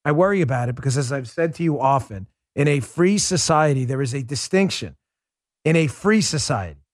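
A man's voice: on the high side, dry recording, studio quality. A man hosting a political commentary show, speaking emphatically and sarcastically straight to his listeners. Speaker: show host.

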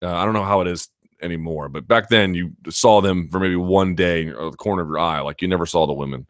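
A man's voice: low voice, quick pace, dry recording, studio quality. A male host of a live chat show, telling a long story casually with many fillers and restarts.

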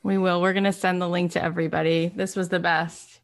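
A woman's voice: on the low side, flat delivery, a little fast. A woman hosting an interview, gushing with effusive praise for her guest. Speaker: podcast host. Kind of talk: casual interview chat.

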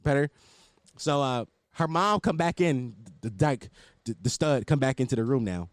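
A man's voice: medium pitch, lively intonation, moderate pace, dry recording, clean studio sound. A man telling a rambling, profane personal story in a casual way.

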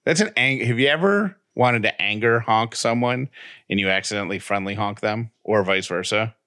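Young guy goofing around on a home podcast, lowish voice, dead dry sound. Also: normal speed, sharp tone, dry recording. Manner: joking, playful bits. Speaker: podcast co-host. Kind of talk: casual chat.

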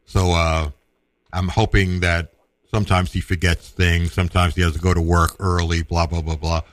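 Deep-voiced middle-aged man telling a story. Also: little pitch movement. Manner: conversational, halting restarts, acts out quotes. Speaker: storyteller guest. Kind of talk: casual personal storytelling.

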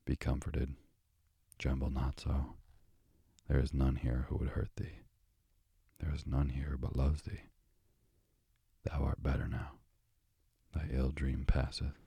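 A man's voice: extremely low pitch, vocal fry, warm tone, slightly rough, dry recording, full character voice. A man voicing a stern but tender old king who speaks in archaic, pleading phrases.

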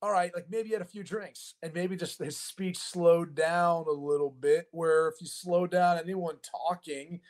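A man's voice: a little high, fairly even intonation, a little slow, hardly any pauses. A man in his thirties hosting a casual sports talk show, rambling and chatty with lots of fillers. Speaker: host.

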